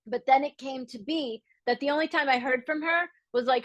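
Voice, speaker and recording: Candid woman coaching, fairly high voice. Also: fairly quick, no echo, muffled recording. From Boston area, Massachusetts. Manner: candid, animated, acts out quoted voices. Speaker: business coach. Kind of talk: live masterclass talk.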